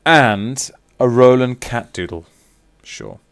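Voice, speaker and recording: A man's voice: medium pitch, lively intonation, slow pace, smooth, no echo. A man chatting casually with viewers on a live stream while signing autographs, teasing and reading out names.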